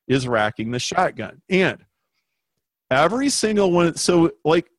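A man telling an anecdote in a lively, conversational way, acting out the voices of the people in it as a guest explaining marketing. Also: medium pitch, no echo. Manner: animated, acts out quoted voices. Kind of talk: conversational storytelling.

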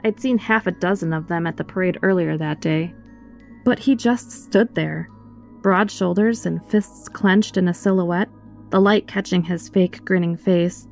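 A woman reading a first-person horror story aloud in an expressive, scripted storytelling voice, with faint music behind her. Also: on the low side, a little slow, gravelly.

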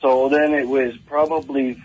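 A man's voice: mid-range voice, steady tone, a little slow, narrow, tinny audio, a little hiss or hum. A man calling in to a radio show, telling a matter-of-fact story. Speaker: caller. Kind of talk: telling an anecdote on the phone.

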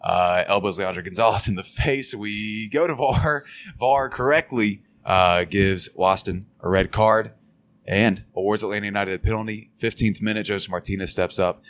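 A man's voice: lowish voice, normal speed, a bit bright. A man co-hosting a podcast, casually recapping a soccer match in a chatty way. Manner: chatty, swears casually, laughs. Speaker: podcast co-host.

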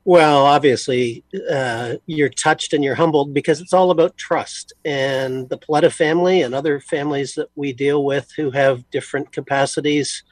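A man speaking as a foundation guest in a radio interview, measured and articulate. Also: on the high side, steady tone, dry recording.

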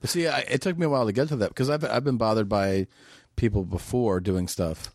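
Comedian guest, middle-aged man, low voice, loose rambling delivery, dry mic. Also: brisk, no room sound. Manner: relaxed, rambling, frequent restarts and "like". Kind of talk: casual chat.

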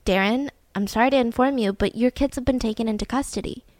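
A woman's voice: on the high side, quick pace, darkish tone, dry recording, lightly acted. A woman voicing a stern, formal social worker delivering bad news in a matter-of-fact way.

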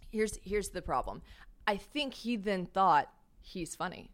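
A young woman hosting a podcast, telling a story in a casual, animated way, full of "like" fillers, self-mocking asides and acted-out dialogue. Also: mid-range voice, unhurried. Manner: chatty and animated, lots of "like" fillers, acts out quoted dialogue. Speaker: podcast host.

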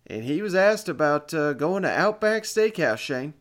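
A man hosting a casual sports podcast, upbeat and quick to laugh. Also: fairly high pitch, big pitch swings. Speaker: podcast host.

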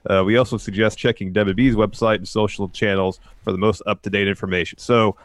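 A man's voice: fairly low pitch, fairly even intonation, quick pace, no room sound, studio quality. A man co-hosting a casual news podcast who speaks wryly and skeptically, with frequent filler words. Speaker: podcast co-host. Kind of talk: casual wrestling news chat.

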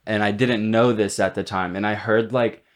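A man's voice: fairly low pitch, fairly even intonation, moderate pace. A man co-hosting a podcast, telling stories in a casual, dramatic, self-mocking way with plenty of swearing. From Texas. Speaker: podcast co-host. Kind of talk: casual chat.

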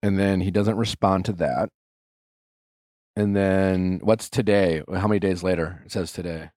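A man's voice: low-pitched, steady tone, a little slow, a little mellow, dry recording, clean studio sound. A man hosting a podcast, talking frankly and casually about dating with his housemates. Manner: frank, conversational, reads texts aloud. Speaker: podcast host.

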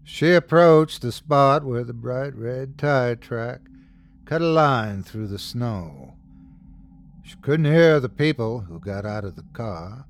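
Man, horror story narrator, dramatic, suspenseful, unhurried, lively pitch. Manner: dramatic, swells and drops for suspense. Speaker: host and narrator.

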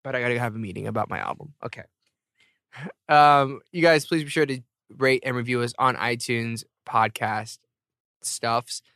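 A man's voice: medium pitch, moderate pace, bright, forceful tone, no echo, studio quality. A man in his thirties hosting a podcast, rambling and joking about himself while jet-lagged and tired. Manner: rambling, self-mocking, jokey. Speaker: podcast host. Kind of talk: casual chat, show outro.

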